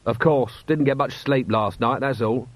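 A man's voice: mid-range voice, a little slow, no room sound, lightly acted. A man voicing a weary watch commander with dry, glum wit. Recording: dull, slightly lo-fi.

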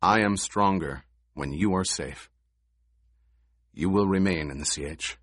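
A man's voice: sits low, fairly bright tone, no echo, clean studio sound. A man doing a commanding young duke. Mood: firm. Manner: commanding, measured. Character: commanding young male duke, calm and forceful.

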